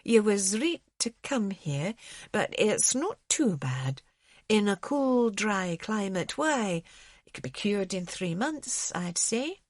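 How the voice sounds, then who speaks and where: A woman voicing a gentle Scottish male orderly who speaks softly. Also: high voice, big pitch swings, slow pace, dry recording, clean studio sound, heavily acted. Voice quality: soft-spoken. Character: gentle middle-aged male Scots orderly.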